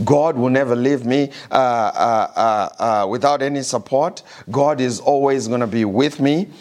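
A man preaching a sermon, reading scripture aloud and slowing down with rising emphasis on key verses, with some halting restarts. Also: mid-range voice.

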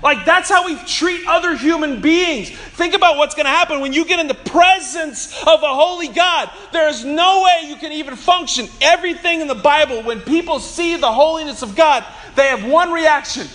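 A man preaching a Sunday sermon, telling humorous, chatty stories and slowing down to press points home. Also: very high voice, sharp tone. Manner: earnest preaching with slow emphasis. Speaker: pastor.

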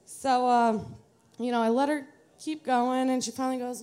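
A woman's voice: fairly high pitch, normal speed, a little mellow. Chatty, self-mocking woman storyteller. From Metro Detroit, USA. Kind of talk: live storytelling for an audience.

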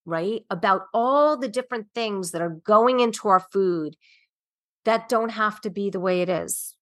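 A woman's voice: medium pitch, measured pace. A woman nutritionist speaking earnestly as a podcast guest, emphatic and dotted with "um" fillers. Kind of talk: podcast interview.

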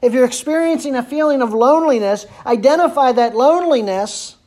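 A man's voice: very high-pitched, a little fast, darkish tone. A man preaching a sermon as pastor, earnest and repeating phrases for emphasis.

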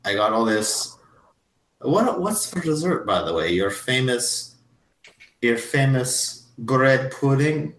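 Brief: a man doing a swaggering, boastful war hero, mid-pitched, tabletop game, echoey room. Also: animated, takes it slowly, fairly bright tone. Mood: jovial. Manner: boastful and belligerent. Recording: roomy echo.

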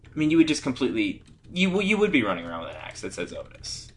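A man's voice: medium pitch, sing-song, husky. A man chatting casually about a movie, teasing his co-host with jokes. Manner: teasing, jokey, quick to laugh. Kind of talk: casual chat.

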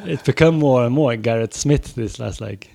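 A man's voice: mid-range voice, moderate pace, gravelly, warm tone. A man in his forties from England, a podcast guest with a Corby accent mixed with Swedish, American and Welsh, chatting casually and laughing often. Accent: Corby English mixed with Swedish, American and Welsh. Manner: laughs often, loose and swearing. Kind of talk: casual chat.

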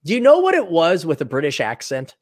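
An American man hosting a casual podcast chat, talking in an animated, joking way with quick asides. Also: a little high. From United States. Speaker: podcast host.

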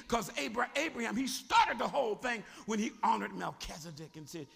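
Casting: lively male bishop preaching, high, bright and gravelly, in an echoing hall. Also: fairly quick, few pauses. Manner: animated preaching, questions the congregation. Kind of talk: sermon.

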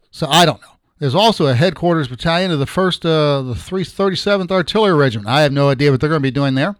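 A middle-aged man talks through the news in a loose, halting way, restarting his sentences and throwing in blunt, sarcastic asides. His voice sits fairly high for a man. The sound is dry and close, with no room around it. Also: clear, resonant tone, dry recording. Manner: rambling, halting, with many restarts. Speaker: podcast host. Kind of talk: casual political commentary.

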